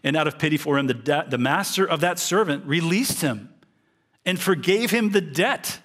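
A man's voice: a little high, expressive, normal speed, a bit bright. Earnest man preaching a sermon. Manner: earnest, reads scripture aloud then explains it.

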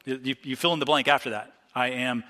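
A man's voice: medium pitch, steady tone, a little fast, bright, forceful tone, long reverb tail. A male pastor from Ohio giving a conversational expository sermon, stopping often to restart his sentences and reading scripture aloud. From Ohio, USA.

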